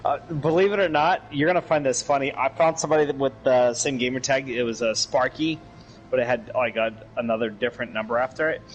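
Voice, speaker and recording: A man's voice: mid-range voice, fast, lo-fi sound, soft background music. Profane rambling man on a gaming stream. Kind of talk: casual chat.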